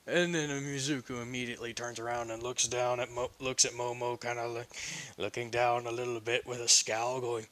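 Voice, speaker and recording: Rambling, bright-voiced male storyteller. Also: mid-range voice, little pitch movement, normal speed, clear, resonant tone. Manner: rambling, self-correcting, chatty asides. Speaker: fan fiction reader. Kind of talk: casual story narration.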